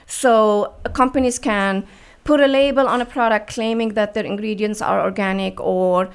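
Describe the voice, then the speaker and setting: A woman's voice: mid-range voice, steady tone, moderate pace, clear, resonant tone. A woman from the Middle East, a business founder talking earnestly as a radio guest, with many fillers and restarts. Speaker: guest, beauty brand founder. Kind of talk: radio interview.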